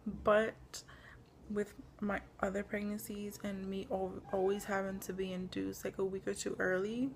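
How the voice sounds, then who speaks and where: A young woman talks through a casual home vlog at a middle pitch, her voice a little gravelly. She rambles with plenty of fillers and sounds short of breath, over a faint hiss of background noise. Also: level tone, a little slow. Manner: rambling, lots of "like" and "um". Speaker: pregnancy vlogger. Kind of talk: casual chat.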